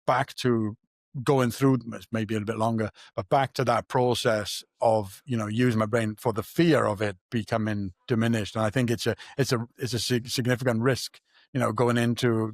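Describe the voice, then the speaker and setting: Low-voiced man musing earnestly. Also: level tone, brisk, no echo, clean studio sound. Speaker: podcast host. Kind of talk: casual conversation.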